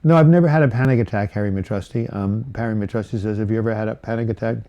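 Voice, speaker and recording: A man's voice: fairly low pitch, racing, muffled recording. A man hosting a live viewer Q&A on mental health, rambling casually through comments with fillers and self-corrections. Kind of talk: casual live-stream chat, reading and answering viewer comments.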